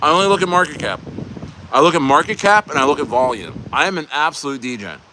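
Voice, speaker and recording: A man's voice: fairly high pitch, expressive, fast, sharp tone, a little hiss or hum. A man hosting a casual crypto livestream, bantering and joking loosely with viewers in the chat. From United States.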